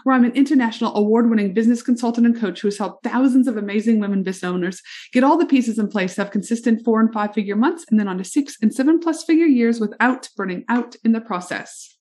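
Middle-aged canadian-born lady doing her solo podcast, bubbly coach energy, kinda high voice. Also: quick pace, darkish tone. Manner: upbeat, enthusiastic, addresses listener directly. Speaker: podcast host, business coach.

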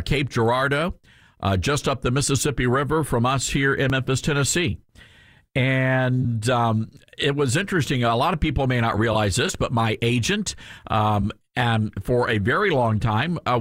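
A man's voice: medium pitch, no room sound. A male talk radio host with a Southern US accent, telling a rambling story full of fillers and restarts into a studio microphone.

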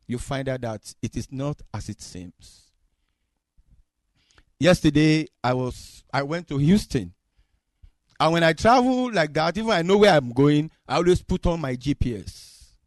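A man preaching a sermon, acting out dialogue with God in an expressive way. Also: on the high side, measured pace, dry recording.

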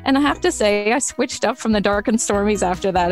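A woman's voice: medium pitch, fairly quick, few pauses, over music. A woman in her forties hosting a podcast about food, chatting casually and laughing often. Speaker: host.

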